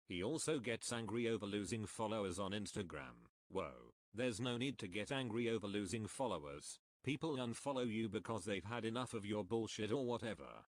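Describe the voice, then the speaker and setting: A man's voice: fairly low pitch, dry recording. A man reviewing someone online in casual, blunt, sarcastic commentary with swearing. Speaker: video commentator.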